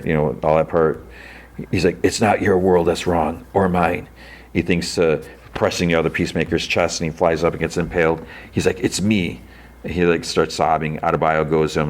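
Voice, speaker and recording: A man hosting a podcast, recapping an episode casually with many fillers and jumping up in pitch when he quotes characters. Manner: animated retelling, jumps into character lines with a raised pitch. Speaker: podcast host.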